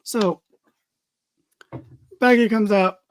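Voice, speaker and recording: A man's voice: high-pitched, steady tone, very slow, clear, resonant tone. A man hosting a casual wrestling podcast, recapping a show in a loose, chatty way with lots of fillers and the odd swear.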